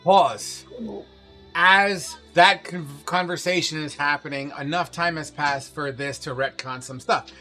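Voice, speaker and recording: A man's voice: a little high, steady tone, measured pace, pushed and bright, faint music behind. A man narrating as game master of a tabletop game, loose and laughing between scene descriptions.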